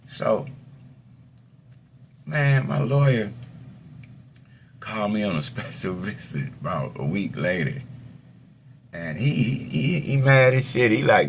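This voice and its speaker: A man's voice: lowish voice, animated, a little slow, pauses often, a little hiss or hum. A middle-aged man telling a story about his past in casual, profane street talk, rambling through fillers and chuckling between phrases.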